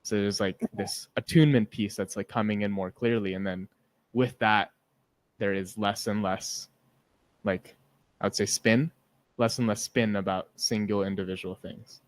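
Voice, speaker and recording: A man's voice: on the low side, fairly even intonation, normal speed, dry recording. A man co-hosting a podcast who talks openly and emotionally in a rambling, casual way, filling his speech with "like" and swearing freely. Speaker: podcast co-host. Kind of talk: casual reflective chat.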